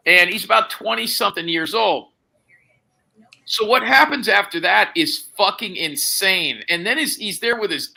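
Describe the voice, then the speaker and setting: Animated gravelly man telling a story. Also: high voice, rough recording. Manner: animated storytelling, acts out quoted phone dialogue, swears. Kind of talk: casual chat.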